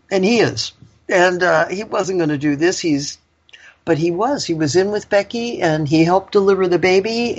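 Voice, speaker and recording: Husky older woman telling a rambling story. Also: lowish voice, dull audio. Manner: rambling and candid, with many fillers and laughs. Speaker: guest. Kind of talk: casual personal storytelling.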